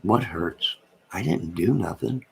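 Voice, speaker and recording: This man's voice is low-pitched, creaky, husky and a little mellow, with lively intonation and an unhurried pace. He's hosting a late-night livestream from home, reading viewer comments and rambling through jokes and banter in reply.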